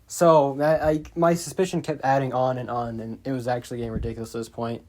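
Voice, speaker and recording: A man's voice: mid-range voice, flat delivery, fast, darkish tone. A man telling a storytime to his viewers in a casual, rambling way, getting exasperated and swearing as he rants. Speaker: YouTuber.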